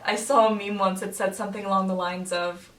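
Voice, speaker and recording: A young woman talks casually to her viewers in a friendly, chatty way and laughs often. Her voice sits at an ordinary pitch and comes from a little way off the mic. The room echoes noticeably, with a faint hiss underneath. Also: fairly even intonation, a little fast, fairly bright tone, distant mic. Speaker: makeup artist vlogger. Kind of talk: casual chat to camera.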